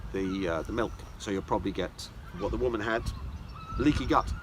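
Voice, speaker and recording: A man's voice: medium pitch, sharp tone, slight background noise. A man giving a mocking lecture, reading articles aloud with scornful, sarcastic asides. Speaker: esoteric teacher.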